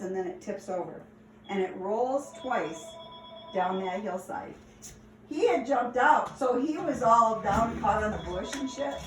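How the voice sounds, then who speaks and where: A woman telling stories from her past in a casual, animated way, laughing and acting out the lines. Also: fairly high pitch, background noise. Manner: animated, laughing, acts out quotes. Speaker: storyteller. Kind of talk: casual storytelling. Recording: echoey room, distant mic.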